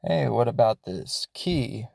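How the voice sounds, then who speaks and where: A man's voice: mid-range voice, expressive, takes it slowly, vocal fry, darkish tone, no room sound, clean studio sound, full character voice. A man voicing a cruel, stern army captain in a casual, offhand way. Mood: curt.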